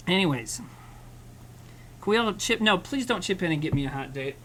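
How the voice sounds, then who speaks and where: A man's voice: sits high, fairly quick, pushed and bright, a little hiss or hum, low-quality recording. A man chatting casually with his livestream chat while he cooks, rambling and swearing, joking at his own expense. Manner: rambling, profane, self-mocking banter with chat. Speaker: streamer cooking live.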